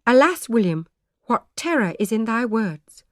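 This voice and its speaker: A woman playing a gentle, imploring pastor's wife. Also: fairly high pitch, sing-song, a little slow, no room sound, clean studio sound, pitched above the performer's own voice. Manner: earnest, imploring, soft-spoken.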